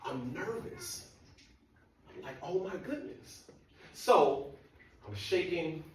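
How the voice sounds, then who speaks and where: A man's voice: on the high side, sing-song, slow pace, a little hiss or hum. A man telling a funny, self-mocking story to an audience and talking to the crowd directly. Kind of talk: humorous storytelling talk. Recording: echoey hall from far off.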